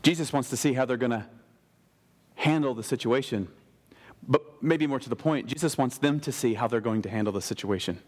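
A man preaching a sermon as a pastor, animated, slipping into casual modern voices for biblical characters. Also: mid-range voice, a little fast, in a large hall.

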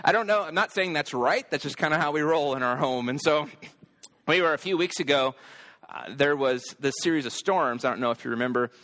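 Candid storytelling dad. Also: male voice, fairly high pitch, fairly quick. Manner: casual, candid, animated when quoting himself. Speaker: father telling a story. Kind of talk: personal storytelling talk.

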